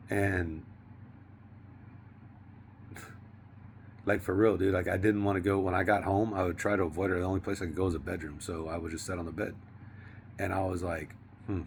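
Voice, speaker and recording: A man vlogging in a casual, rambling monologue, profane and slangy, sometimes dropping to a hush. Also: sits low, fairly even intonation, moderate pace, creaky, long pauses, a little hiss or hum.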